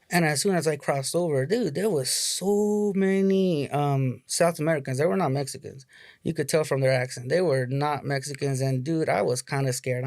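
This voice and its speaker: A man talking as a podcast guest, halting and repeating his words, with casual slang. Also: on the high side, darkish tone, no room sound, studio quality.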